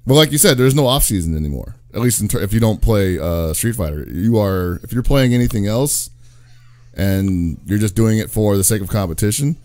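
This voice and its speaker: A man's voice: fairly low pitch, expressive, fairly quick, a little mellow, dry recording. Rambling man on a gaming podcast. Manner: rambling, laughs often, trails into asides. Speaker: podcast co-host. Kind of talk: casual gaming podcast chat.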